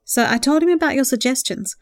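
A woman voicing a hopeful, earnest young woman in love, speaking softly and a little higher than her narration. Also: quick pace, dry recording, clean studio sound, close to an everyday voice. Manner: earnest, emotional, sighing.

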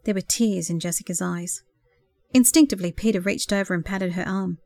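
A woman reading a novel aloud in a gentle, expressive storytelling voice, softly acting out the dialogue. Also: medium pitch, brisk, dry recording. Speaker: audiobook narrator. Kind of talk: scripted narration.

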